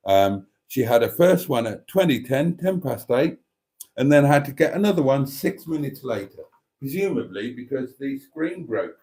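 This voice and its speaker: Chatty man with lively pitch. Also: moderate pace. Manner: chatty, amused, laughs often. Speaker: livestream host. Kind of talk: casual chat reading viewer comments.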